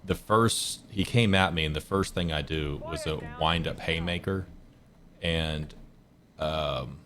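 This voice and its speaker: Male streamer, deep voice, laid-back rambling gameplay commentary with a few swears. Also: slow pace, fairly bright tone. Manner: rambling, self-correcting storyteller. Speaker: gaming streamer.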